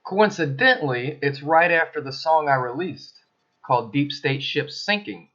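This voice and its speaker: A man's voice: a little high, expressive, moderate pace, a bit bright, muffled recording. A man talking to camera in his apartment, in a casual, emphatic and accusatory monologue with suspicious asides. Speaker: video blogger.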